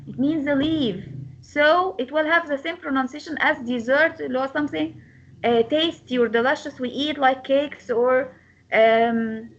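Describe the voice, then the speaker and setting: A woman teaching an English lesson, repeating words slowly to model their pronunciation. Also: high-pitched, a bit bright. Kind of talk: classroom lecture. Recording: slightly dull lo-fi sound.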